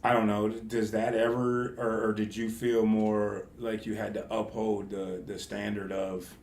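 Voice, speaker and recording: A man's voice: fairly low pitch, level tone, measured pace, a little mellow, slight background noise. A man hosting a podcast interview, asking rambling questions with frequent restarts. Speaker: podcast host and coach. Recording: echoey room.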